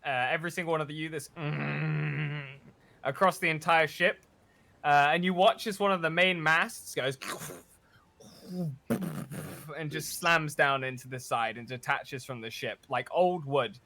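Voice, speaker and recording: A young man narrating as dungeon master, playful and quick to laugh. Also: fairly high pitch, steady tone, vocal fry, pushed and bright. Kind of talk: narrating a tabletop game.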